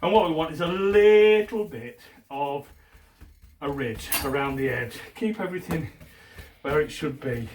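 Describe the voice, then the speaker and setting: A middle-aged man chatting casually and joking as he gives step-by-step cooking instructions in a home kitchen. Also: on the high side. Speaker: home cook presenter. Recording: distant mic with faint background noise.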